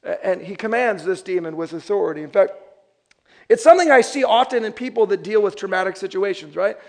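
A man's voice: sits high, fairly quick. A young adult man, a pastor, preaching a sermon and acting out the voices of people he describes. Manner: animated, acts out quoted voices.

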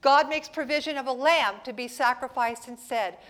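Her pitch sitting high and her speed moderate, this female pastor preaches to her church, alternating gentle, teasing remarks to the congregation with booming, emphatic stretches.

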